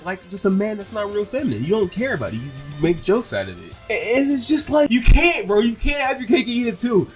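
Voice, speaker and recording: A young man giving an exasperated, casual reaction rant as a commentator, stumbling over repeated words and swearing. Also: on the high side.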